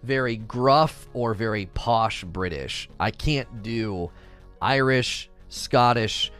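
A man's voice: mid-range voice, takes it slowly, smooth, faint music behind. A middle-aged man hosting a gaming news livestream, chatting casually and talking straight to his viewers. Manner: animated, chatty, addresses viewers directly.

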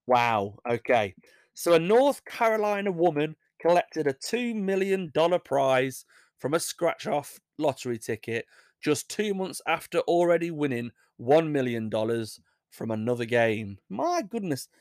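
A man's voice: a little high, very animated, unhurried, no room sound, studio quality. A young English man hosting a casual show, reading odd news stories and rambling through jokey asides that he laughs at. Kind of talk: casual chat.

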